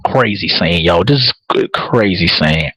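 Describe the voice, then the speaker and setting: Animated, profane man recapping a show. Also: low voice, measured pace, slightly rough, no echo, low-quality recording. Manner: animated, repeats words while building a point, laughs often. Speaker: podcast host recapping a TV episode. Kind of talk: casual live recap, profane storytelling.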